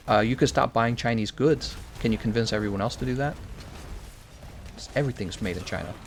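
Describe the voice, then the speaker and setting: A man's voice: fairly low pitch, vocal fry, a little hiss or hum. An American man in casual commentary, rambling and opinionated while answering chat questions. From United States. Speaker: streamer.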